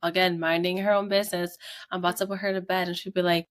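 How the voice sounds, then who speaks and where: A woman's voice: on the low side, little pitch movement, fast talker. Chatty woman podcast co-host. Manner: chatty storytelling, laughs often. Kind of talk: casual podcast chat.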